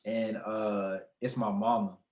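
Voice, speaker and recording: A young adult man, a podcast guest, telling a personal story in casual, animated talk and laughing often. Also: lowish voice, slow, echoey room, a little hiss or hum.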